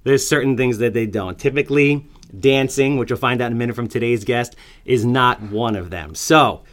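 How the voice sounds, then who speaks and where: A man's voice: medium pitch, normal speed. A man hosting a podcast, joking and self-mocking as he talks, running through promos and a guest introduction. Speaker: podcast host. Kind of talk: casual podcast chat.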